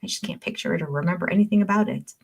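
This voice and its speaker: A woman's voice: lowish voice, rapid-fire, gravelly. An older woman hosting a livestream, chatting casually, reading viewer comments aloud and laughing often. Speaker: livestream host.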